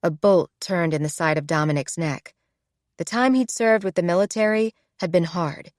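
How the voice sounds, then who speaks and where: A woman narrating a romance audiobook in a smooth, measured reading. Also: fairly low pitch, a little mellow, dry recording, clean studio sound. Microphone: close studio mic.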